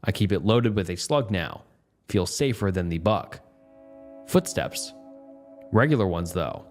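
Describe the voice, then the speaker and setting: A man's voice: sits low, lively intonation, measured pace, soft background music. A man narrating a first-person story in a tense, matter-of-fact way.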